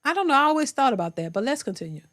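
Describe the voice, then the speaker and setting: A woman reacting on her own channel in a sassy, incredulous voice that sits high. Her delivery swoops up and down with animated energy as she talks straight to her viewers. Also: rapid-fire. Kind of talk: reaction commentary.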